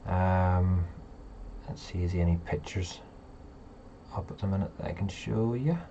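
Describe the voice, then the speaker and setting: Man, low voice, casual rambling live chat, slightly muffled audio, faint hiss. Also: a little slow, dark tone. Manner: chatty, rambling, talks straight to viewers. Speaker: livestream host.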